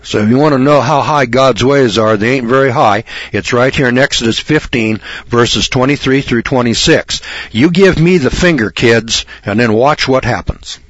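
A man's voice: medium pitch, a bit bright, no echo, dull audio. Male preacher, brimstone sermon, blunt, mocking, rambling, dry close sound. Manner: reads scripture slowly and deliberately. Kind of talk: fire-and-brimstone radio sermon.

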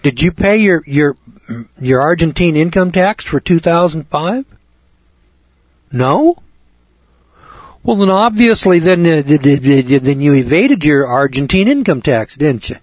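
A man's voice: fairly high pitch, expressive, measured pace, dry recording. A man lecturing to students in a folksy way, piling up rhetorical questions and repeating them for effect. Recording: dull lo-fi recording.

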